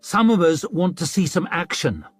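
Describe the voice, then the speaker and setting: A man's voice: on the high side, sing-song, moderate pace, slightly rough, no room sound, faint music behind, pitched above the performer's own voice. A man reading an audiobook, voicing an eager young nobleman who talks in a restless, scornful way. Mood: impatient.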